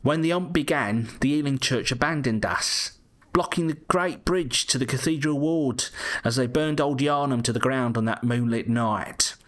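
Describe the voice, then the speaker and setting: A man voicing a bitter male townsman from a dark fantasy game in a put-on Cockney accent, reading aloud. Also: medium pitch, normal speed, voice pushed up, lightly acted.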